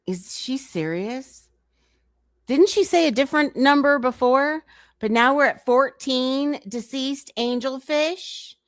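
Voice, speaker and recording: A woman's voice: high-pitched, animated, slow, no room sound, clean studio sound. A woman streamer giving reaction commentary on a clip, incredulous and teasing as she talks back to it.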